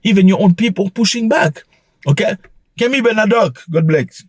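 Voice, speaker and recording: A man's voice: high-pitched, moderate pace, breathy edge, no room sound, clean studio sound. A man hosting his own commentary channel, delivering an emphatic, scolding monologue full of rhetorical questions.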